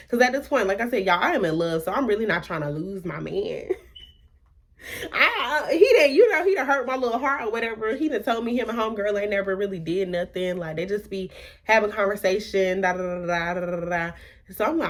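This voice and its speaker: Young woman, vlogger doing an animated storytime with acted-out quotes. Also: medium pitch, brisk. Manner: animated, acts out quotes with hushed asides. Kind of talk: storytime vlog.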